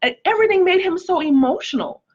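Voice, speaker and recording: A woman's voice: very high-pitched, lively intonation, quick pace, lo-fi sound. A woman speaking casually on a livestream, sharing a personal testimony and greeting viewers by name, with frequent "like" and "um". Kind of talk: casual live-stream testimony.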